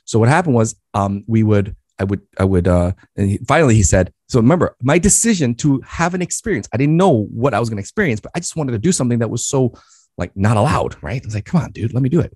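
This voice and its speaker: A man from Queens, New York, telling an animated story as a podcast guest, with frequent restarts and fillers. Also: medium pitch, fast talker, slightly rough, no echo, studio quality. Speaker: guest, business speaker.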